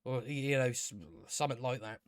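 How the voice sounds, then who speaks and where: A man's voice: mid-range voice, steady tone, fairly quick, smooth, no room sound, studio quality. A man reviewing a TV episode in a rambling casual recap, sarcastic and profane, stumbling over restarts. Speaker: video reviewer.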